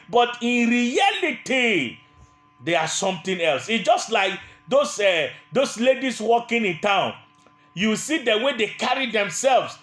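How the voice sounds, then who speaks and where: A man's voice: very high voice, a bit bright, echoey room. A man preaching a sermon, emphatic and repetitive, sometimes mimicking the people he criticizes.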